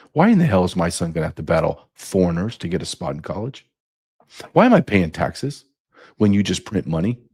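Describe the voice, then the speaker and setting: With a low, husky, darkish voice, a middle-aged podcast host launches into an angry, impassioned monologue. He swears freely and fires off rhetorical questions.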